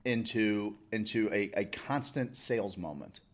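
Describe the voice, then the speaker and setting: A man's voice: on the low side, measured pace. A man co-hosting a casual podcast, telling stories with plenty of swearing and acting out the people he quotes. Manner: animated storyteller, swears a lot, acts out quoted people. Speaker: podcast co-host. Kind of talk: casual chat.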